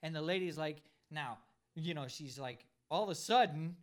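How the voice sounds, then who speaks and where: A man casually telling a story on a talk show, animated and acting out the voices of the people in it. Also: a little high, normal speed. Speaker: podcast co-host, pilot.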